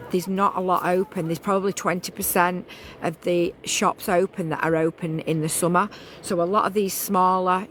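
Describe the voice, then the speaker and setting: A woman's voice: lowish voice, a bit bright, a little hiss or hum. A woman vlogging casually outdoors on a beach, talking in a rambling, chatty way with many restarts.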